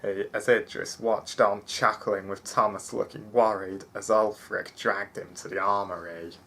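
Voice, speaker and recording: A man reading a fantasy story aloud in a halting way, with frequent restarts. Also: lowish voice, flat delivery, sharp tone. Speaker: narrator.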